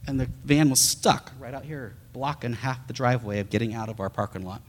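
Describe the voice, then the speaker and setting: A man, a pastor, telling a story in a sermon as an animated storyteller who acts out the sounds. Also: mid-range voice, fairly quick, big-room sound.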